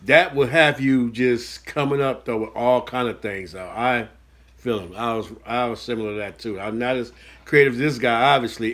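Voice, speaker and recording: A man's voice: mid-range voice, a bit bright. Host guy reacting to an old interview, mid voice, laid back and thoughtful. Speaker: podcast host reacting to a clip. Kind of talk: casual commentary.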